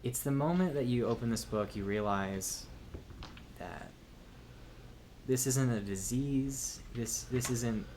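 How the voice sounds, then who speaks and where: A man narrating a tabletop game as game master, calm and measured. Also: mid-range voice, a little hiss or hum.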